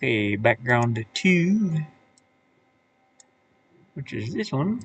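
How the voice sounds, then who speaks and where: Slow, mumbling man thinking aloud. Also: medium pitch, big pitch swings, fairly bright tone, a little hiss or hum. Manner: muttering to himself, thinking aloud with fillers. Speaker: streamer. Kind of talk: casual live-stream commentary while working. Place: his van.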